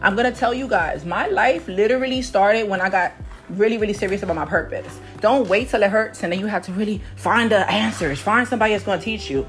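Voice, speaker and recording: A woman's voice: mid-range voice, fast, faint music behind. A woman from Harlem, New York, hosting a motivational podcast as a manifestation coach, talking casually while a bit out of breath from cleaning, rambling and often tagging "right?". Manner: rambling, keeps asking "right?".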